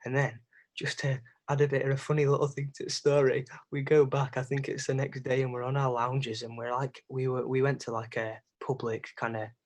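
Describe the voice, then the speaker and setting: A young man telling a holiday story in casual podcast chat, animated and sweary. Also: mid-range voice, a little fast. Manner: animated, swearing, acts out voices in anecdotes. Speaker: podcast co-host.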